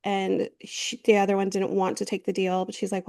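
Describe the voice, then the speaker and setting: A woman's voice: medium pitch, completely flat delivery, a little fast, creaky, a little mellow. Chatty swearing woman podcaster. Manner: chatty, swears freely, rambling with fillers. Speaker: podcast co-host. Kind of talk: casual chat.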